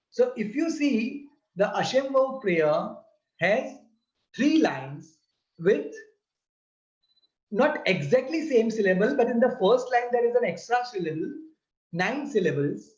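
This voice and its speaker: Male religious teacher, unhurried and deliberate, recorded in a roomy space with muffled sound. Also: sits high, lively intonation, a little mellow. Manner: deliberate, repeats and spells out syllables. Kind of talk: slow explanatory lesson. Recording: roomy, slightly dull sound.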